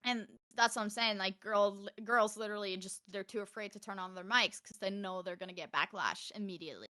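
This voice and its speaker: A young woman from Norway, a streamer chatting as a podcast guest, animated and quick to laugh. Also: medium pitch, no echo, studio quality. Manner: animated, laughs often, acts out quotes. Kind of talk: casual chat.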